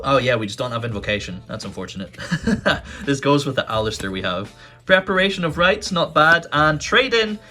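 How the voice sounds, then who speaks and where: A man hosting a casual card-opening video, excitable, swinging from low grumbling to loud outbursts and swearing. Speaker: YouTube card-opening host. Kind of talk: casual pack-opening commentary.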